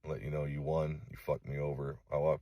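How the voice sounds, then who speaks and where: A middle-aged man from Los Angeles making a direct-to-camera apology video, halting and remorseful, swearing often. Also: extremely low pitch, flat delivery, dry recording, dull audio. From Los Angeles, USA. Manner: halting, remorseful, heavy swearing, frequent fillers. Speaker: vlogger.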